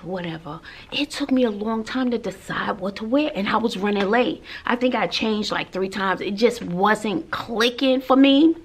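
A woman's voice: mid-range voice, moderate pace, slight background noise. A woman teacher, chatting sassily to her viewers in a casual vlog, talking to them like girlfriends. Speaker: middle school teacher.

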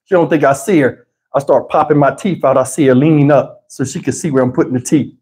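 A man's voice: medium pitch, quick pace. Guy on a livestream, laughing and cussing thru a funny story, lapel mic. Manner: animated, profane, laughs often. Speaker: livestream host. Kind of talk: casual storytelling. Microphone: wireless lapel mic.

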